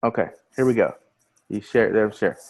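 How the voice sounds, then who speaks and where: On a rough recording, a man with a lowish, gravelly voice talks briskly through a casual screen-share webinar. He's an online marketing trainer on a video call, frequently repeating words and starting phrases over as he explains.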